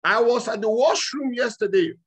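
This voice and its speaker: A man preaching as a pastor, excitable, breaking into loud tongues and laughter. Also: extremely high pitch, normal speed, husky. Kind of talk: sermon with speaking in tongues.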